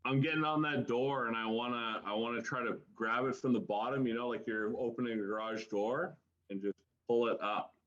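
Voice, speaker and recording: A man's voice: mid-range voice, fairly even intonation, fairly quick, fairly bright tone. A man playing in a live tabletop game, speaking plainly and stating his character's actions directly. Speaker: player. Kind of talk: casual tabletop play chat. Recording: dull lo-fi mic.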